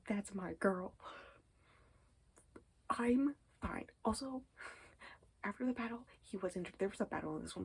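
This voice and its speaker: A woman's voice: mid-range voice, creaky, darkish tone, husky, poor audio. A woman chatting casually in a reading vlog, rambling and often dropping to a whispered aside, with many ums and anyways. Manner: says 'um' and 'anyways' often. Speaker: book vlogger.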